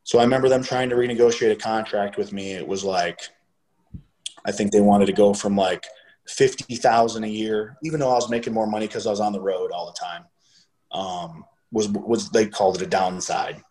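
A middle-aged man tells a story casually, swearing freely and growing animated whenever he quotes other people. His voice is lowish and fairly quick, and the recording is rough.

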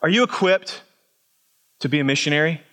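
High, bright-voiced pastor preaching. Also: male voice, a little fast. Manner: expressive, swings from loud emphatic highs to low quiet asides. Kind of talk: sermon.

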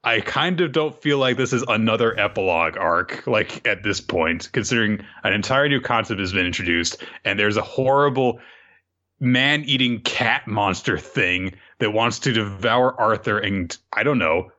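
A man co-hosting a casual chat in a relaxed, chatty way that includes casual swearing. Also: lowish voice, normal speed. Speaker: podcast co-host. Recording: dull lo-fi audio.

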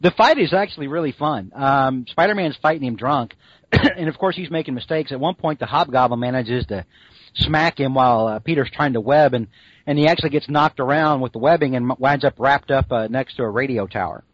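A man co-hosting a comic-book podcast tells the story in a rambling, jokey way packed with fillers. His voice is mid-range and he speaks a little fast. The recording is dry, with the high frequencies cut off.

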